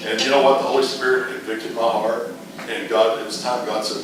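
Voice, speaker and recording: A man's voice: mid-range voice, fast. A middle-aged man teaching a casual Bible class, rambling through stories with frequent restarts. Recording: echoey room, mic far off, noisy.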